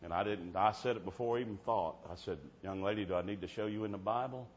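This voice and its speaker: A man preaching a revival sermon in church, telling stories and swinging from soft-spoken to shouting. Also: fairly low pitch, quick pace. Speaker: traveling preacher. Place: church service. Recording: dull muffled sound with faint background hiss.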